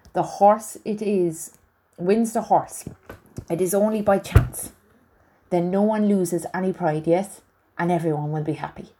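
Woman doing a slow, gentle soldier. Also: mid-range voice, lightly acted. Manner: slow, careful, formal phrasing. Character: tall weary German soldier man, gentle, thoughtful.

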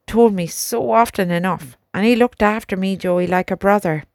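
A woman doing a gentle young soldier. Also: mid-range voice, moderate pace, no room sound, close to an everyday voice. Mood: grieving. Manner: soft, chatty, reassuring talk to a horse. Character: young male soldier, gentle, loyal to his horse.

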